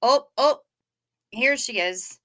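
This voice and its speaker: A woman with a Midwestern American accent hosts a livestream, chatting casually as she reacts to viewer photos. Her voice is bright and lively, and she talks at an easy, unhurried pace. She sounds playful and gushing. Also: fairly high pitch. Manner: gushing, playful, laid-back. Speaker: livestream host. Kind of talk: casual chat reading viewer comments.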